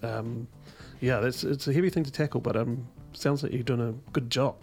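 Man, radio co-host, easygoing, hesitant, average pitch, studio chat. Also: steady tone, normal speed, darkish tone, faint music behind. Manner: easygoing, hesitant, many fillers. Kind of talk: studio interview.

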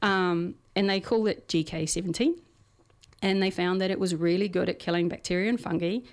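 A woman's voice: lowish voice, fairly even intonation, fairly quick. A woman co-hosting a casual science podcast, explaining research in a chatty way with everyday examples and frequent fillers.

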